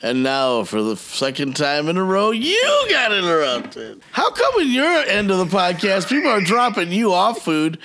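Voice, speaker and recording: A middle-aged man co-hosts a casual podcast and tells animated stories. His voice sits a little high and swings widely in pitch. He swears freely and acts out the lines of the people in his stories. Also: moderate pace, hardly any pauses, a little hiss or hum. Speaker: podcast co-host. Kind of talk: casual chat.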